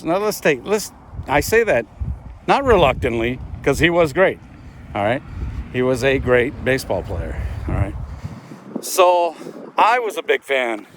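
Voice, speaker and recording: A man's voice: fairly low pitch, slight background noise. A middle-aged man casually telling a story to his video channel at home, with a chatty manner and a habit of adding "all right?". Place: at home, dogs barking nearby.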